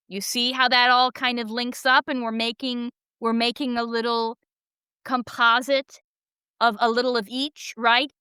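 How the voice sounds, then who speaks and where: A middle-aged woman hosts a podcast in a calm, encouraging voice, often pausing to check in with the listener. Her tone is bright and crisp, a little above the usual pitch for a woman. The recording is dry and close. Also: dry recording. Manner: soothing, encouraging, checks in with "okay?". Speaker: podcast host. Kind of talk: calm podcast talk with practical tips.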